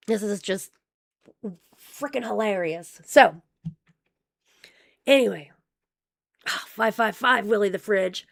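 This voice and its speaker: A woman's voice: medium pitch, slow pace, vocal fry, pauses often. A woman live-streaming casual commentary, reading out donations in a rambling, profane way, with her voice wearing thin. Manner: rambling, profane, with many restarts. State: losing her voice.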